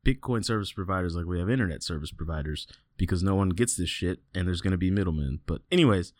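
A man hosting a casual podcast, reading headlines and telling stories in an animated way, swearing freely and laughing often. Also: low voice, dry recording, clean studio sound. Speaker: podcast host.

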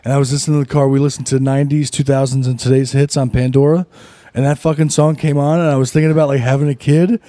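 A young man, a guest on a podcast, telling animated stories with laughter and swearing. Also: medium pitch, fast, dry recording. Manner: animated, laughing, profane storyteller. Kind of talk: casual podcast chat.

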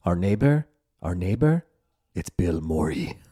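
A man's voice: deep voice, sing-song, unhurried, mellow, slight background noise. A man imitating his mother, a chatty, matter-of-fact woman with an exaggerated Persian accent.

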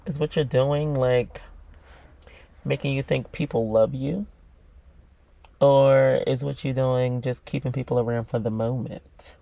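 A man's voice: medium pitch, steady tone, measured pace, creaky, long pauses, dark tone. A man giving a blunt, swear-filled motivational monologue about self-love, talking straight to the listener. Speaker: self-help podcaster.

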